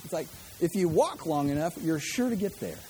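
A man delivers a sermon in a relaxed, conversational way, throwing quick asides and jokes at his listeners. His voice sits a little high but sounds warm and mellow. A faint noise runs under the recording. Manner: conversational, joking asides to the congregation. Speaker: pastor.

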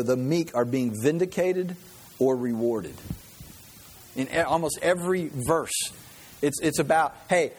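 A man's voice: fairly high pitch, husky. A man preaching a sermon in a conversational way, often asking the listeners questions. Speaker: pastor.

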